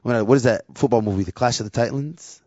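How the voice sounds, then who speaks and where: A man's voice: mid-range voice, quick pace, no room sound. A man preaching a sermon in a candid, conversational way, acting out little quotes as he goes. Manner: conversational, candid, acts out quotes in lively voices. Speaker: preacher and worship leader. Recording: dull, dry lo-fi sound.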